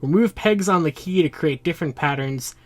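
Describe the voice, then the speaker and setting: Excitable, breathless toy unboxing vlogger. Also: male voice, fairly high pitch, brisk. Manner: excitable, chatty, laughs often. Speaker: toy collector YouTuber. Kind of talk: casual unboxing vlog.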